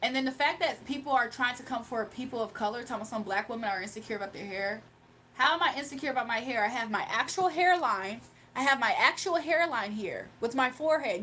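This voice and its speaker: A woman's voice: on the high side, animated, fast, a bit bright, slight background noise. A young woman hosting a livestream, talking casually and combatively to her chat, mocking and defending herself. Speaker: livestream host.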